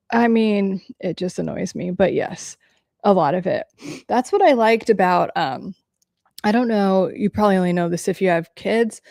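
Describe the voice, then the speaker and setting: A woman's voice: medium pitch, gravelly, a little mellow, dry recording, clean studio sound. A woman hosting a casual livestream, answering viewer comments candidly and swearing freely.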